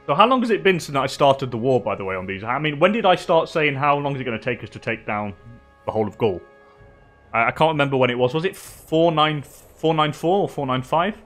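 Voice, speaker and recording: An English man talks his way through a live strategy game, loose and conversational, breaking into laughs as he answers his viewers. His voice sits at an ordinary middle pitch. A faint bed of music runs behind him. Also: animated, fairly quick, a bit bright. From England. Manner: chatty, laughs often, talks to chat. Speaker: streamer. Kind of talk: live gameplay commentary.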